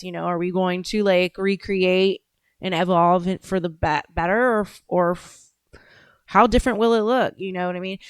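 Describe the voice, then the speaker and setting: A woman's voice: mid-range voice, clear, resonant tone, no room sound. A woman hosting a casual livestream show, rambling off on tangents and swearing casually. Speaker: show host.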